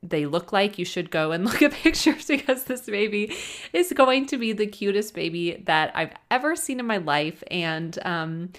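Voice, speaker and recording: A woman's voice: mid-range voice, lively intonation, moderate pace. A young woman hosting her own podcast, chatting casually and gushing with emotion, close to tears. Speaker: podcast host. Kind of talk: casual solo podcast chat.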